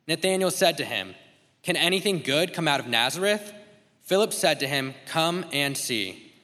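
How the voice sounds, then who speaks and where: Man, scripture reading, deliberate pace, crisp tone, long hall echo. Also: on the high side, pushed and bright. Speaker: scripture reader. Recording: reverberant church hall.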